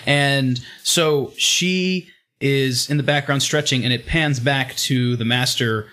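A man's voice: mid-range voice, slow, sharp tone. A man chatting casually on a podcast about a comic, telling scenes with laughter and acting out the characters.

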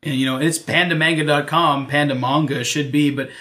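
Casting note: chatty man, slightly higher voice, casual podcast co-host, quick to laugh. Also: fairly even intonation, pushed and bright. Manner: chatty, laughs often, does silly voices in anecdotes. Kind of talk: casual chat.

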